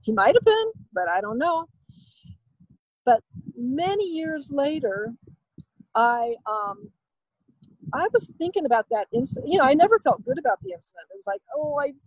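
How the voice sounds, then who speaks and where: A woman with a high voice recounts a personal story as an interview guest. She rambles and hesitates, restarting her sentences and poking fun at herself. The recording is close and dry. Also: very animated, normal speed, long pauses, no room sound, poor audio. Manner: candid, self-deprecating.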